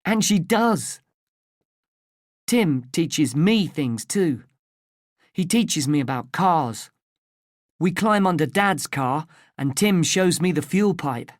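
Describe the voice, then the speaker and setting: A storybook narrator reading a simple story in a plain, careful way for English learners. The pace is very slow and every word is clear. The recording is dry and close, with no room sound. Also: medium pitch, expressive, no echo.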